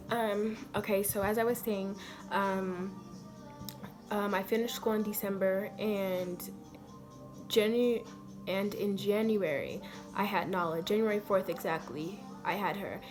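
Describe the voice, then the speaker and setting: A young woman from Colorado speaks at a middle pitch in a loose, chatty storytelling manner, sprinkling in "like" and "um" and slipping into quick impressions of the people she quotes. Music plays clearly in the background of her recording. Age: young adult. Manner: chatty, lots of "like" and "um", acts out quoted voices. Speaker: vlogger. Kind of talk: casual storytelling to camera.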